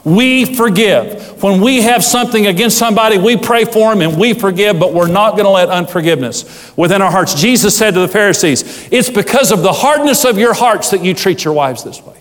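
Fervent high-pitched preacher in a hall. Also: male voice, brisk, few pauses. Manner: fervent preaching with big swings from loud highs to low hushed asides. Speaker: pastor. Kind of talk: sermon.

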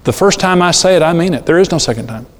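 A man's voice: fairly high pitch, expressive, quick pace. A man preaching a sermon, telling stories and acting out the people in them. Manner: storytelling, acting out quoted people. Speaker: pastor. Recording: long reverb of a large hall.

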